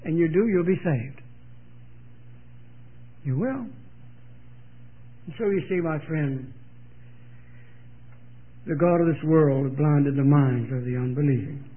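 A man's voice: a little high, slow pace, long pauses. An older man preaching a sermon, telling a story with emphatic repetition and speaking straight to his listeners. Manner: emphatic storytelling, repeats phrases, direct address. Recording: tinny lo-fi sermon recording.

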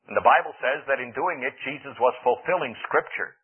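A man's voice: medium pitch, brisk, slightly rough, narrow, tinny audio. A man preaching a sermon, telling the story earnestly and dramatically, with rising emphasis. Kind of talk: radio sermon.

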